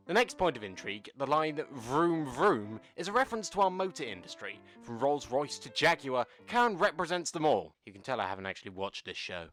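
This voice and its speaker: A man's voice: mid-range voice, big pitch swings, fairly quick, hardly any pauses, a bit bright, soft background music. A man from the United Kingdom narrating a scripted comedic video essay in a sarcastic, mock-serious way.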